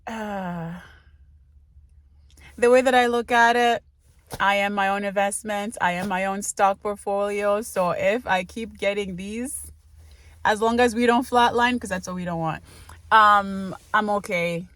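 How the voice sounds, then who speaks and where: A woman's voice: mid-range voice, fairly even intonation, a little slow, fairly bright tone, no echo. Chatty woman vlogger, dry sound. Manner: chatty, rambling, lots of fillers and laughs; munching while talking. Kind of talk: casual vlog chat.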